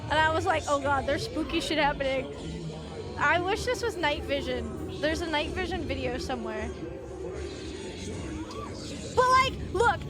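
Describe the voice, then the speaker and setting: A young woman streamer telling an animated story in casual chat, swearing freely. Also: extremely high pitch. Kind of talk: casual chat while gaming.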